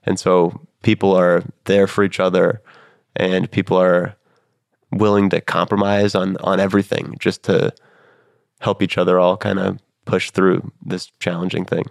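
A young man in his twenties tells stories casually and rambles, with plenty of fillers. His voice is low and gravelly. The recording is close and dry. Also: little pitch movement, a little slow, no room sound. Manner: rambling, self-deprecating, many fillers. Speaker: guest comedian. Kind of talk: casual interview talk.

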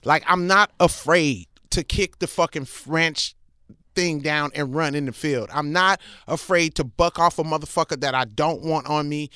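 A brash woman comedian swaps stories in a casual interview, swearing freely and boasting about herself. Her voice is bright and sharp. The sound is dry and close. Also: deep voice, normal speed, smooth, dry recording. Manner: brash, profane, boastful storyteller. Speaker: comedian, guest.

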